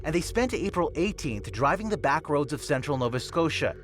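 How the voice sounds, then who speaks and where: A man from Canada, a news anchor, reading measured, grave documentary narration. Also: on the high side, sing-song. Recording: voice-over with music bed.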